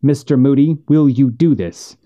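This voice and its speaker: A man's voice: mid-range voice, normal speed, mellow, natural voice. A man voicing a stern, proud frontier widow who speaks in a clipped, cold way. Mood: cold, steely.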